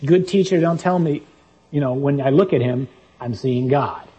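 A male preacher delivering a sermon, driving home each point with emphatic reasoning. His voice is mellow and warm, and he sits in the middle of the usual male pitch range. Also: normal speed, low-quality recording. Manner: emphatic, reasoning, reads scripture aloud.

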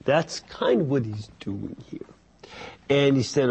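A man teaching a Bible study, reading passages and explaining them in an unhurried way with many fillers and restarts. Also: mid-range voice, very animated, vocal fry, a little mellow, husky, lo-fi sound.

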